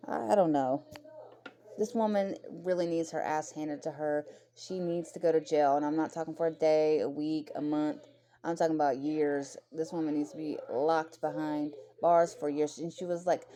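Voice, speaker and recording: A woman's voice: low-pitched, fairly even intonation, normal speed, mellow. A young adult woman talking bluntly and emotionally in a casual commentary rant, swearing freely. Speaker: commentary vlogger.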